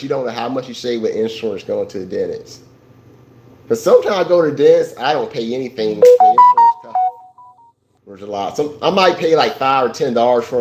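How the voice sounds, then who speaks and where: A man's voice: mid-range voice, darkish tone, slight background noise, rough recording. Rambling man livestreaming to chat. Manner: rambling, repeats himself with restarts, chuckles at chat. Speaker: livestream host. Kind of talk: casual livestream talk to viewers.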